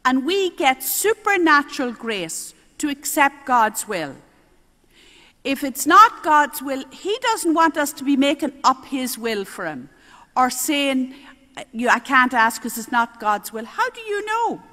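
An older woman, a nun giving a spiritual talk on prayer, telling stories in a lively way with little chuckles. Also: high-pitched, a little slow. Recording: roomy hall reverb.

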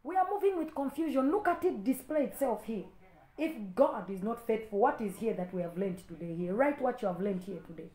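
Woman preacher, higher-pitched, repetitive exhortation and firm warnings; echoey room. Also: animated, fairly quick. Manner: exhorting, repetitive, rising to stern loud warnings. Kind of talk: impassioned online sermon.

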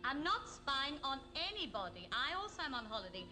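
A haughty spy. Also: female voice, high voice, very animated, brisk, pushed and bright, heavily acted. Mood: scornful. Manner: prim, scornful. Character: haughty female Russian master spy. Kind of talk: 1960s TV comedy sketch acting. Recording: 1960s TV soundtrack with music.

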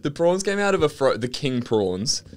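A man's voice: a little high, moderate pace. A man co-hosting a podcast, joking and laughing in casual chat. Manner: joking, laughs often, lively. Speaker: podcast co-host.

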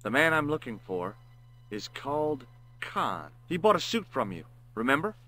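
An actor playing a persistent, wisecracking amateur sleuth in a point-and-click adventure game, asking around with dry humor. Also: male voice, medium pitch, sing-song, moderate pace, pushed and bright, low-quality recording. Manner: dry, sarcastic quips. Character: wry American male tourist sleuth, persistent.

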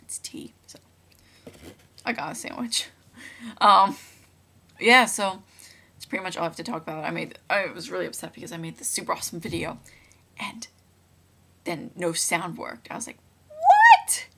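A woman's voice: lowish voice, moderate pace, gravelly, pauses often, pushed and bright, breathy edge. A young woman vlogging at home into her laptop mic, chatty and rambling with lots of fillers and restarts. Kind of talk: casual webcam vlog. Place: room at home. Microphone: laptop built-in mic.

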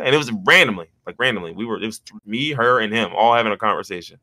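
A man co-hosting a podcast, telling a story in casual chat and jumping into high mimicking voices when he quotes people. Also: racing, hardly any pauses, sharp tone, no echo, studio quality. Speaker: podcast co-host.

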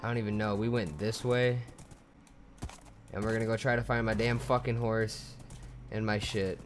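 A man's voice: on the low side, little pitch movement, normal speed, slight background noise. A young man giving casual, profane commentary while he plays a video game, thinking aloud as he goes. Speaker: gamer.

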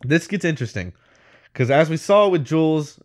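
A slightly high-voiced man with lively intonation and a moderate pace co-hosts a podcast, recapping a movie scene by scene. He rambles, says "like" and "whatever" a lot, and laughs in the middle of his sentences.

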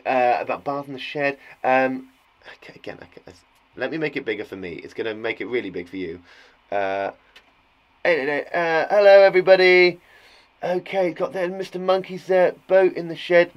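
A young English man teaching young children, bubbly and animated as he reads out their work. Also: medium pitch. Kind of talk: lively children's lesson.

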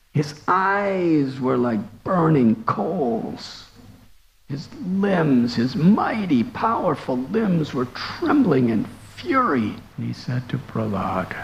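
Brief: a monk preaching, slow and earnest, a gravelly voice pitched a little high. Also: male voice, slight background noise, low-quality recording. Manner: slow, earnest, dramatic storytelling. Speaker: monk and spiritual teacher. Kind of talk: devotional storytelling sermon.

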